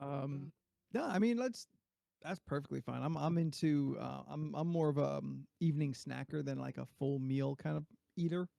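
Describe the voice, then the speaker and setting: Male co-host, fry-heavy, dark tone, dry close mic, halting casual delivery. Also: fairly high pitch, no room sound. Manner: hesitant, full of ums. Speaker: podcast co-host. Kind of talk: casual chat.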